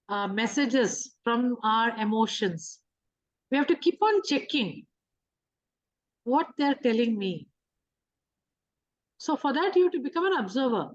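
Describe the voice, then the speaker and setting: A woman with a fairly high voice teaches about emotions in a patient, explanatory way. She poses rhetorical questions and walks through everyday examples. The recording sounds dull and lo-fi. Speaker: spiritual teacher. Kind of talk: teaching talk on emotions and manifestation.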